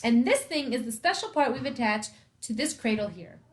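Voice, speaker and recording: A woman's voice: on the high side, lively intonation, moderate pace, lightly acted. A woman voicing a friendly, joking male ear doctor who explains things reassuringly, read aloud from a novel.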